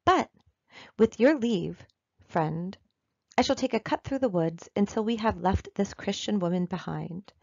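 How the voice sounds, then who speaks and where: A woman's voice: medium pitch, lively intonation, unhurried, vocal fry, a little mellow, no room sound, lo-fi sound. A woman reading aloud, voicing an uneasy, irritable young Puritan man.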